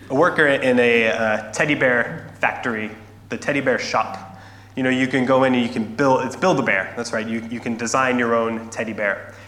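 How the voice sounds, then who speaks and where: An earnest man preaching from the front of a church, his voice sitting in a middling register. He slows and softens to land each point. The sound carries a long reverb from a large hall with a faint hum underneath. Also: mid-range voice. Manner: earnest, slowing and softening for emphasis. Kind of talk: sermon with scripture reading and storytelling.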